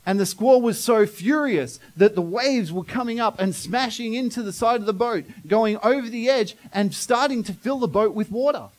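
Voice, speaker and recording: A man's voice: high voice, moderate pace, few pauses, low-quality recording. A man preaching a sermon as pastor, telling the story dramatically and asking the congregation questions.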